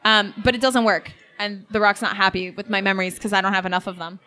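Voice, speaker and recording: A woman's voice: medium pitch, flat delivery, quick pace, pushed and bright. A woman playing a tabletop role-playing game, describing her character's actions in a playful, giggly way and laughing often. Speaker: player and game master. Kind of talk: improvised tabletop role-play.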